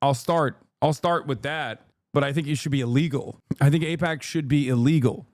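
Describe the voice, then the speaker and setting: Man, 30s, streamer, sarcastic and blunt, fairly high voice, dry sound. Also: moderate pace, dry recording. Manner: blunt, sarcastic, laughing often. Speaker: streamer reacting to a clip. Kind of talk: casual commentary.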